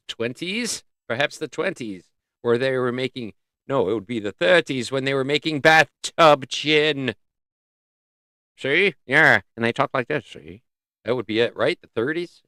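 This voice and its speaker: A man hosting a casual livestream, rambling and joking as he thinks out loud. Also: mid-range voice, dry recording, clean studio sound. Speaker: livestream host.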